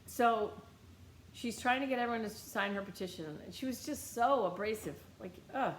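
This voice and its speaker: A woman's voice: on the high side, normal speed, roomy sound, a little hiss or hum. Blunt American woman telling a story. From United States. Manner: blunt, animated, swears freely. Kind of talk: casual storytelling.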